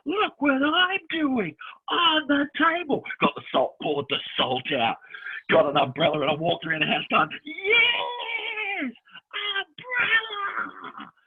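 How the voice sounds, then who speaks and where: A man co-hosting a casual chat, telling animated stories and acting out the voices of people he quotes. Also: medium pitch, a little fast, slight background noise. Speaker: podcast co-host. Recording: tinny phone-line sound.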